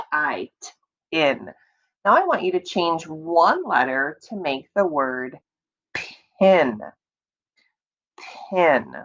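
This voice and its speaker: This woman's deep voice carries vocal fry and a fairly bright tone, though the recording's high frequencies are cut off. She's a teacher giving young children a slow, patient reading lesson, repeating words and stretching out sounds to encourage them.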